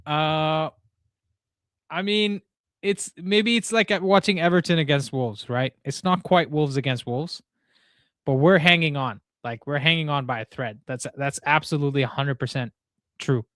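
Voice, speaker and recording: Young male watchalong host, slangy and excitable, slightly high voice, dry close mic. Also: measured pace, no room sound. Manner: excitable, slangy, frequent "bro" and "dude". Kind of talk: live football watchalong commentary.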